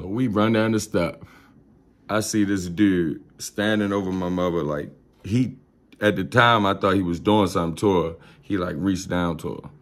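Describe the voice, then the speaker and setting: Animated man telling a story. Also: sits low, moderate pace. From Baltimore. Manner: animated, profane, slangy, with sound effects. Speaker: vlogger. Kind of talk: storytime vlog.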